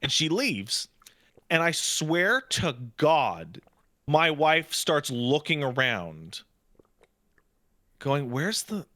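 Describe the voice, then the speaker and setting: In his thirties, this podcast co-host tells stories in casual chat, animated and leaning heavily on "like." His voice sits a little high and moves extremely slowly with frequent pauses, and there's no room sound.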